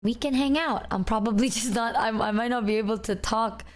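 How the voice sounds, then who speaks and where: A young woman streamer in casual chat, talking in a relaxed, low-energy voice. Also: fairly quick.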